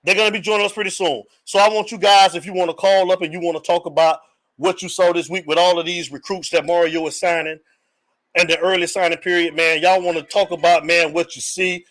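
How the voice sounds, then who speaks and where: A man hosting a live sports call-in show, talking in an energetic, slangy, hyped-up way and calling out viewers by name. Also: high voice, fairly quick, poor audio. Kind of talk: hyped casual live-stream talk.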